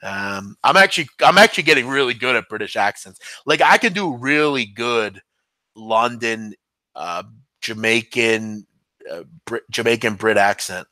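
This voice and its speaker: In an expressive, medium-pitched voice at normal speed, a man hosting a podcast casually responds to viewers on a live stream. He sounds bright and forceful with no echo, rambling hesitantly with lots of ums and restarts.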